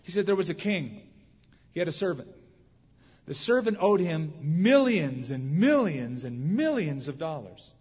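A man preaches a sermon, retelling scripture with lively storytelling and voicing the people he quotes. His voice sits a little high and slightly husky. The recording is muffled and carries the long reverb of a church hall. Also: measured pace. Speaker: pastor.

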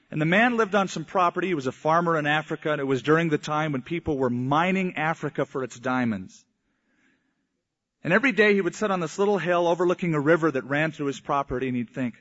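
Preacher guy telling a story in his sermon, kinda high voice, dull lo-fi sound. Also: brisk, fairly bright tone. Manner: storytelling preacher, voices quoted people in mock old English. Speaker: pastor.

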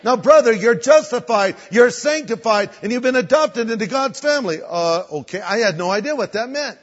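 An older male preacher delivers a story-driven sermon, acting out the people he describes. His voice sits high and the recording sounds dull and lo-fi. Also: animated, moderate pace, big-room sound. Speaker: guest pastor.

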